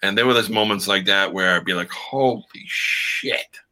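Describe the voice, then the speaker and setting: A man with a fairly low, bright, forceful voice, telling stories as an actor guest. He talks casually and animatedly, acting out the lines of the people in his stories. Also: quick pace. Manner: animated storyteller who acts out quotes. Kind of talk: casual chat.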